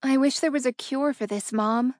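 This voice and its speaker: A woman voicing a young fiancée who sounds subdued and quietly hurt, speaking softly in an audiobook reading. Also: high-pitched, moderate pace, no echo, clean studio sound, pitched above the performer's own voice, natural voice.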